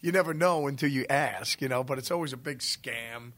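A man's voice: mid-range voice, a little fast, fairly bright tone. A man in casual interview chat, rambling and swearing freely, laughing as he tells stories. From New Jersey. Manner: rambling, profane, laughs often. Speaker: guest musician.

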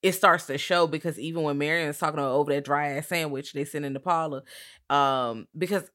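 A woman talking in a casual podcast chat, animated and profane, filling her storytelling with "like" and asides. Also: sits low, brisk. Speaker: podcast co-host.

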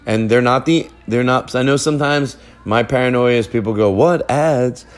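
A man's voice: mid-range voice, brisk. Rambling man hosting a podcast. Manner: rambling, joking storyteller, wanders off-track. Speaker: podcast host. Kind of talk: casual chat. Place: living room of a family house.

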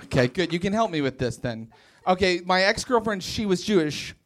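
Lively high-voiced man doing stand-up. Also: a little fast, noisy background. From West Virginia. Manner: animated, self-mocking, jumps into exaggerated character voices. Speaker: stand-up comedian. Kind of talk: stand-up comedy set. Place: comedy club stage with audience.

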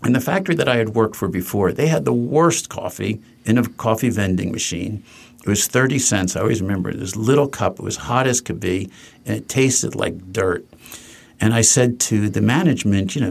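A man's voice: on the low side, fairly quick, gravelly, husky. An older man from New Jersey, a furniture company co-founder, telling anecdotes in a casual interview and acting out the people he quotes. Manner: anecdotal, acts out quoted voices, frequent restarts.

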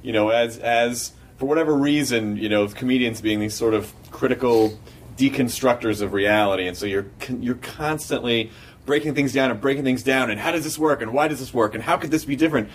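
A man hosting a casual podcast chat, musing quickly and thoughtfully. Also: mid-range voice, far from the mic, slight background noise.

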